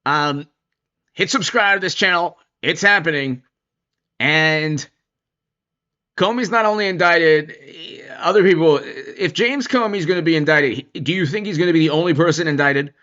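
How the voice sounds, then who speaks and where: Bright-voiced man rambling through commentary. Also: on the high side, normal speed, lo-fi sound. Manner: rambling, with many restarts and asides. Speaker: political commentary host. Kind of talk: casual political commentary.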